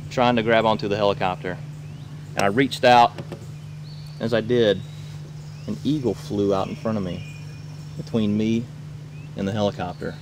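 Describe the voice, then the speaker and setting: Male camp counselor, lowish voice, tall-tale storyteller, loud outdoor background. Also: moderate pace, long pauses. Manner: animated, shouts quoted lines. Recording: noisy outdoor camcorder recording.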